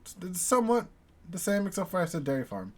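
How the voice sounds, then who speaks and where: A man's voice: high-pitched, very animated, fast. An American man casually reacting to a video, musing aloud and chuckling.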